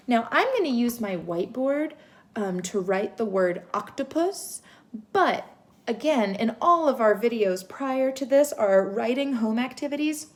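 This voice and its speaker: A young woman giving a home literacy lesson to young children, sounding out words slowly and gently. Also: a little high. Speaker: teacher.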